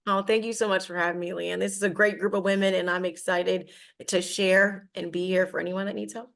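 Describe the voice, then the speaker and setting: Confident woman with a gravelly edge. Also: medium pitch, little pitch movement, a little fast, fairly bright tone. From Cincinnati, Ohio. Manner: confident, direct, reassuring. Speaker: media personality, guest. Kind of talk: interview answers, giving advice.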